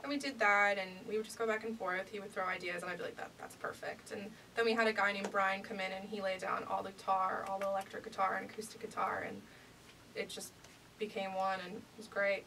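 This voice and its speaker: A woman's voice: mid-range voice, steady tone, quick pace, bright, forceful tone, distant mic, a little hiss or hum, poor audio. A young woman singer-songwriter, a guest on a radio show, talking casually and giggling, with lots of "like" and "you know". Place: radio studio.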